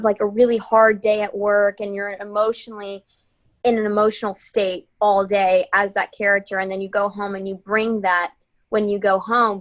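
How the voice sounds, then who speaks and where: A woman's voice: mid-range voice, a bit bright. A woman, an actress, chatting casually in an interview, modest and self-deprecating. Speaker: actress guest.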